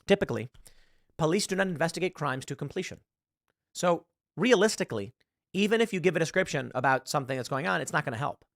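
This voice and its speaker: Male host, sarcastic commentary, slightly high voice, dry close mic. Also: fast, creaky, no room sound. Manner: sarcastic, animated retelling with quoted voices. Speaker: podcast host. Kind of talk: commentary reading an article aloud.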